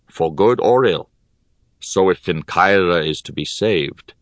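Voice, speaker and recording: A wise older poet and gentle mentor, put on by a male audiobook reader, speaks in a deep, unhurried voice. Every phrase is measured and solemn, and the recording is close and dry. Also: no echo. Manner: slow, measured, solemn delivery. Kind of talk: audiobook character reading.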